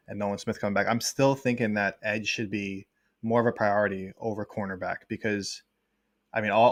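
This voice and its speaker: A man co-hosting a casual sports podcast, laying out his analysis in long, rapid run-on points. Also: fairly low pitch. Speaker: co-host, football writer.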